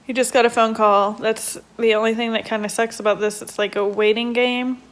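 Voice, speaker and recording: A woman's voice: a little high, flat delivery, fairly quick. A young woman at home, a stay-at-home mom chatting casually and rambling with lots of fillers in a day-in-the-life vlog.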